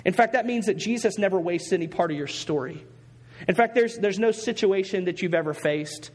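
A male pastor delivers an earnest sermon, repeating his key phrases for emphasis. His voice sits high for a man. The sound rings with the long reverb of a church sanctuary. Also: fairly quick, breathy edge.

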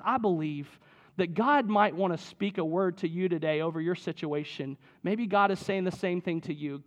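A man's voice: sits high, normal speed. A man preaching a sermon in a conversational way, often checking in with "right?" as he reads and explains scripture. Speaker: pastor.

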